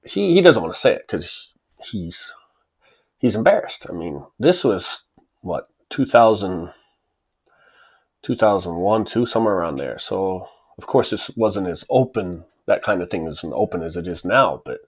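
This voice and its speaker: A man's voice: on the low side, sing-song, unhurried, creaky, breathy edge. A man in his forties who tells a personal story in a casual, chatty way and chuckles and acts out the people in it as he goes. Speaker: channel host telling a personal story. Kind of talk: casual spoken anecdote.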